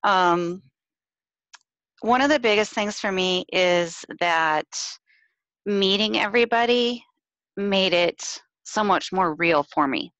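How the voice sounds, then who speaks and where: A woman's voice: medium pitch, takes it slowly, fairly bright tone, no echo, rough recording. A woman sharing reflections on a video call, nervous and hesitant, with many ums. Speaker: team member sharing reflections. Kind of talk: casual live video chat.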